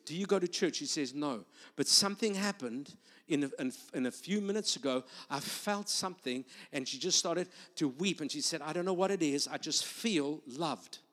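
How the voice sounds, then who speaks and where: In a reverberant church sanctuary, a guest preacher with a high male voice, from either South Africa or Australia, preaches a sermon with prophetic ministry. His storytelling builds into loud proclamation, and the audio carries a big hall's long reverb.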